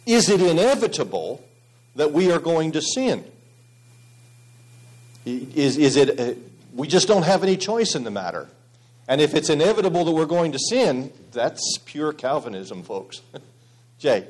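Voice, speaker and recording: A man's voice: a little high, expressive, measured pace, pauses often, a little mellow. Earnest man leading a Bible class. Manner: earnest teaching with frequent restarts and asides to the group. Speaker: Bible study leader. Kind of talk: teaching a Bible study class.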